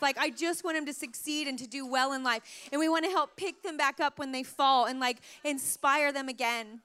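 A woman in her thirties, a mother telling emotional family stories in a casual, animated way, full of "like" fillers, her throat a little sore. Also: high voice, fairly quick, hardly any pauses. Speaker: mother sharing parenting stories. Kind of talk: casual storytelling to camera.

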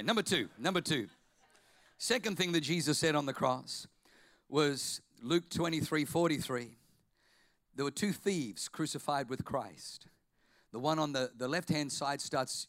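A man preaching a fervent sermon as pastor, swinging between shouted declarations and quiet asides. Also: a little high, animated, measured pace.

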